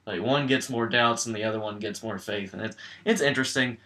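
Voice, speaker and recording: A man's voice: lowish voice, fairly quick, pushed and bright. A man co-hosting a casual podcast chat, rambling with fillers and hedges and swearing freely. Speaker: podcast co-host.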